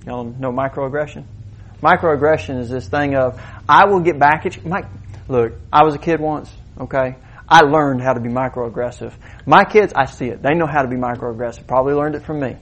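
A middle-aged man delivers a lively sermon. His voice sits a little higher than most men's, and he talks to the congregation like a conversation, firing questions at them and checking they follow. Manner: conversational, animated preaching with direct questions to the congregation. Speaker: pastor.

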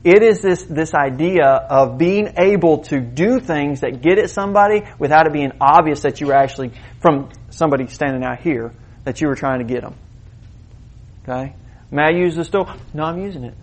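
A man's voice: a little high, moderate pace. A middle-aged man preaching a sermon, talking conversationally and often asking the congregation questions. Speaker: pastor.

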